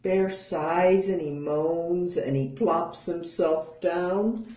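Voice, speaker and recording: An older woman reading a picture book aloud to children, gentle and expressive. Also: fairly low pitch, extremely slow, highs cut off. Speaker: storytime reader. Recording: echoey room.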